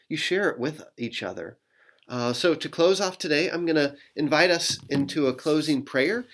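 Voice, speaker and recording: A pastor reading a picture book aloud to children, playful and animated with sound effects, then leading a short prayer. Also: mid-range voice.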